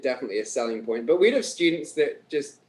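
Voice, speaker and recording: A man in his thirties with a Scottish accent, a guest on a podcast, telling stories in relaxed casual chat with frequent chuckles. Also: mid-range voice, fast talker, low-quality recording. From Scotland.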